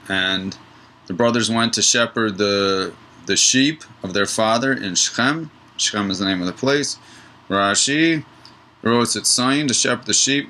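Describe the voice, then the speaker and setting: A man teaching a relaxed, digressive Torah study lesson. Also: lowish voice, a little hiss or hum, low-quality recording. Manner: relaxed, digressive, tells a joke mid-lesson.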